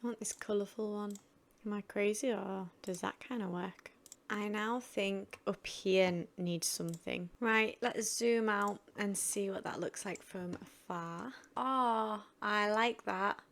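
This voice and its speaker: Woman, casual gameplay commentary, thinking aloud, mid-pitched voice. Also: steady tone, unhurried, vocal fry, a bit bright. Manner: chatty, thinking aloud while building. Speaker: gaming channel host. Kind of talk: casual game build commentary.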